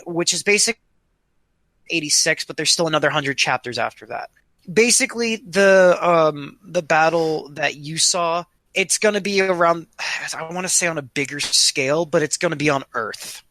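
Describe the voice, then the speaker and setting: A man's voice: fairly high pitch, pushed and bright, no room sound. A man co-hosting a casual podcast, explaining things thoughtfully and hesitantly, with many ums. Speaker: podcast co-host.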